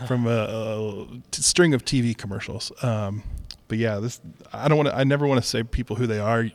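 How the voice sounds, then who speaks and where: A man's voice: medium pitch, brisk. A man co-hosting a podcast in casual chat, easygoing and laughing often. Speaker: podcast co-host.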